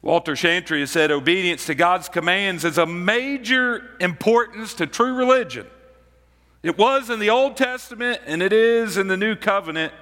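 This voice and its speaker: A man preaching a sermon as pastor, slow and deliberate, repeating key phrases for emphasis. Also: high-pitched, pushed and bright, long reverb tail.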